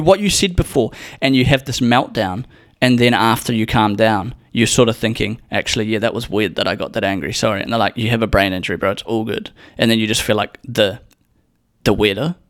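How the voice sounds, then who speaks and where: A man's voice: mid-range voice, a bit bright, no echo, studio quality. A young adult man telling a rambling personal story in casual chat, swearing often and acting out what people said. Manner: rambling, swears a lot, acts out quotes.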